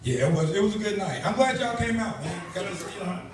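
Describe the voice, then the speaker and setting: A middle-aged man hosting a stand-up comedy show, telling loose, profane stories in an animated way. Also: sits high, quick pace, a little hiss or hum. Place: comedy club. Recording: very echoey room, heard from far off. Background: audience laughing.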